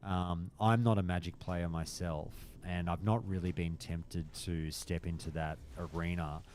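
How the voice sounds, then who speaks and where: Low-voiced man, swearing casually. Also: a little slow, slight background noise. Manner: frequent swearing, animated storytelling. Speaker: stream host. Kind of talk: casual chat with live chat.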